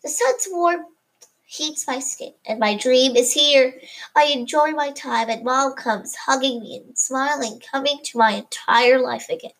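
A woman with a high voice and a fairly bright tone reads her own homemade first-person story aloud at a measured pace. She stumbles occasionally and corrects herself mid-line, and the recording quality is low.

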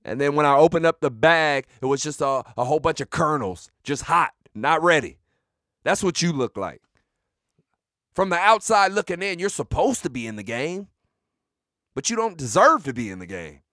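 A male sports podcast host on a comedic rant, mocking players with exaggerated trash talk and sudden shouted bursts. His voice sits a little high and swings up and down. It is recorded close and dry, with no room sound. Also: very animated, moderate pace, no echo.

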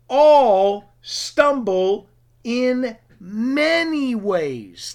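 High-pitched guy preaching slow, leaning hard on words. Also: fairly bright tone. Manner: slow, emphatic, drawn-out stresses. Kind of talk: sermon for radio.

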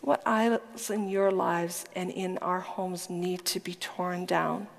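A woman's voice: lowish voice, level tone, takes it slowly, vocal fry. Woman preaching in an echoing hall. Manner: earnest, emphatic storytelling, dropping to a whisper at times. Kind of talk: sermon. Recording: long hall reverb.

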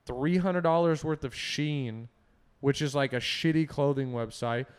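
A man's voice: medium pitch, unhurried, smooth. A young man in casual chat, rambling with constant fillers and swearing.

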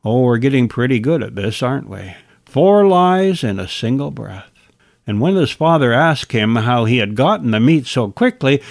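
A man narrates a Bible lesson and comments wryly on the scripture he reads. His voice has some gravel and moves through a wide pitch range. The sound is close and dry. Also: expressive, moderate pace, darkish tone, no echo. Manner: wry asides between scripture readings. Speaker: Bible teacher.

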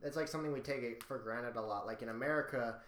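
A man's voice: medium pitch, fast, a bit bright, roomy sound. A man co-hosting a casual livestream from a living room, joking and chiming in with an offhand manner. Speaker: livestream co-host. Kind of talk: casual chat.

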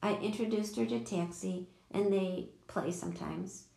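Gravelly woman reading a storybook. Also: medium pitch, a little slow, mellow. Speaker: audiobook reader. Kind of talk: storybook narration. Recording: echoey room.

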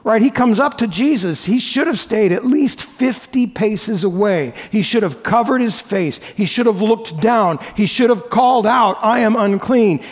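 A man preaching a sermon as lead pastor, earnest, moving between bold emphasis and quiet reflection. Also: sits high, long reverb tail.

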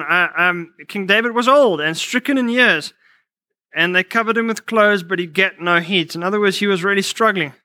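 In a high, bright voice, a male preacher delivers a sermon that weaves personal stories together with scripture quotes. He frequently restarts phrases and fills gaps with "uh," and the recording is close and dry.

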